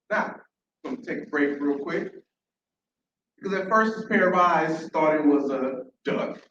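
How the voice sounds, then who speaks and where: A man telling an animated story live to an audience, repeating phrases and asking the crowd questions. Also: fairly high pitch, a little hiss or hum. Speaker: storyteller at an open mic. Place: large room at a library event. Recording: echoey, dull, from far off.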